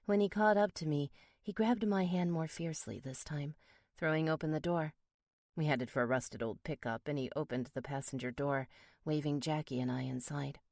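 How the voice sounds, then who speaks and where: A woman narrating a first-person romance audiobook in a steady, measured way. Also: low-pitched, dry recording, clean studio sound.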